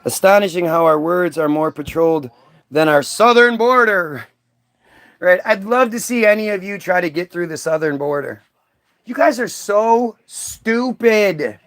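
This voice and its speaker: Streamer, male, high voice; combative, taunting rant at his chat. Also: animated, normal speed, fairly bright tone. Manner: mocking, confrontational, profane. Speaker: livestream host. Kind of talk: ranting at commenters.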